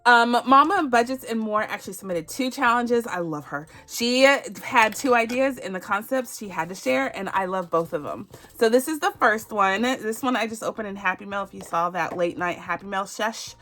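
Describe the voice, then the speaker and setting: A woman from Barbados talks through a savings challenge in a relaxed, chatty vlog. She giggles often and keeps a friendly, easygoing flow. Her voice sits at a middle pitch for a woman. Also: normal speed, few pauses. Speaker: budgeting channel host.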